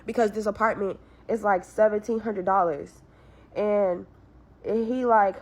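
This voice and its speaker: A woman's voice: mid-range voice, steady tone, normal speed. A young woman venting about her struggles in a blunt, frustrated way, cursing heavily as she tells her story. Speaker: caller telling her story.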